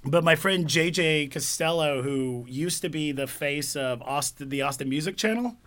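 A young man, a voiceover performer, chatting casually and telling animated stories. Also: a little high, moderate pace. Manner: animated storyteller, breaks into announcer voices. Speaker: podcast guest, voiceover performer. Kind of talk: casual chat.

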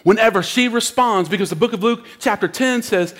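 A man preaching a sermon, telling a story with animated delivery and acting out the voices in it. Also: sits high, brisk, hardly any pauses. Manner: animated, acts out voices in his stories. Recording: long hall reverb.

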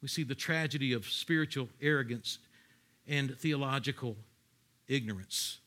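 A man preaching a sermon, explaining scripture in an animated way and acting out voices with sudden loud outbursts. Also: mid-range voice, normal speed. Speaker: pastor.

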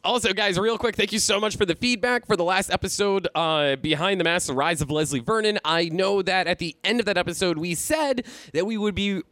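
A man chats on his podcast, his voice sitting a bit high. He rambles loosely and swears without a second thought, recorded close and dry with no room sound. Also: fairly quick, hardly any pauses, fairly bright tone, dry recording. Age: 30s. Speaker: podcast co-host. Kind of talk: casual podcast chat.

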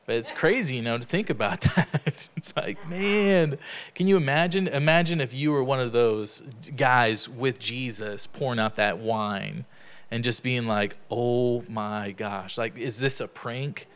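A man leading a casual Bible study, talking in a chatty way, laughing often and retelling stories in lively quoted dialogue. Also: mid-range voice, measured pace, clear, resonant tone.

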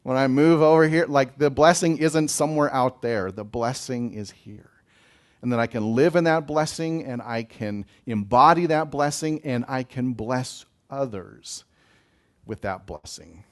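A man giving a gentle, emotional pastoral talk on blessing, speaking to listeners as a chaplain. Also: mid-range voice. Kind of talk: reflective spiritual talk.

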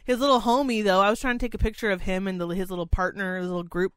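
A woman chatting casually about a school trip as a chaperone, swearing freely and ranting with sarcasm, and mimicking other people in high mocking voices. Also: steady tone, rapid-fire, smooth, no room sound. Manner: profane, exasperated, sarcastic ranting. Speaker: parent chaperone telling a story. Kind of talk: casual storytelling chat.

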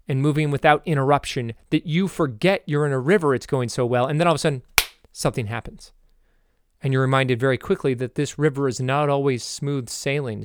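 A man's voice: mid-range voice, clear, resonant tone, no room sound, clean studio sound. A man hosting a motivational podcast monologue, rambling, correcting himself and cracking jokey asides. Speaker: podcast host.

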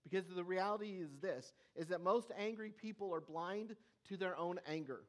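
An earnest preacher delivering a sermon, leaning hard on key words. The pace slows and stretches for emphasis, and the voice sits at a middle pitch. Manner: earnest, emphatic, with slow weighty pauses.

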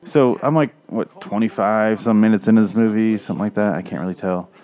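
A man's voice: on the low side, brisk, darkish tone, highs cut off. Sarcastic profane man riffing on a movie. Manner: sarcastic, rambling, crude. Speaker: movie commentator. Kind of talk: casual profane movie commentary. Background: movie audio playing.

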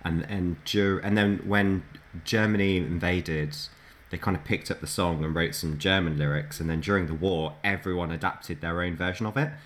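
A man's voice: low-pitched, fairly even intonation, normal speed. A man co-hosting a podcast, chatting casually and retelling anecdotes with frequent laughter. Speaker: podcast co-host. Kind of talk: casual storytelling chat.

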